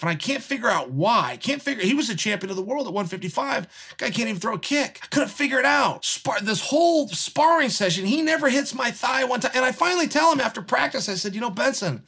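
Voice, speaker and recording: A middle-aged man, a former fighter, casually breaking down fight technique and telling stories with emphatic repetition. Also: extremely high pitch. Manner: animated storytelling, emphatic repetition. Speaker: podcast host and former fighter. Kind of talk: casual fight analysis monologue.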